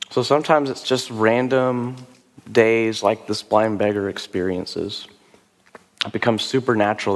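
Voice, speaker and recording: Pastor with a rough voice in a reverberant hall. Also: male voice, lowish voice. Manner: conversational, musing, with fillers and rhetorical questions. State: rough voice after a sore throat. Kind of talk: sermon with altar call. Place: church service.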